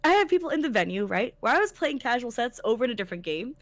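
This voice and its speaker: A woman's voice: on the high side, rapid-fire, dry recording. A woman co-hosting a casual chat, telling a story emphatically and swearing freely as a tournament organizer. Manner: emphatic, swears a lot, animated retelling. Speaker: podcast co-host.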